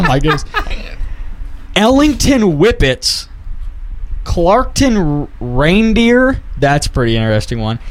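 A man hosting a podcast, chatting casually and laughing often into a studio microphone. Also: high-pitched. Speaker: podcast host. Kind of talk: casual chat.

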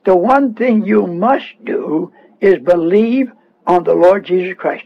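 An animated but unhurried radio sermon comes from a man whose voice is high and husky. With fervent insistence he scolds and says things again and again, all heard through a dull, muffled broadcast.

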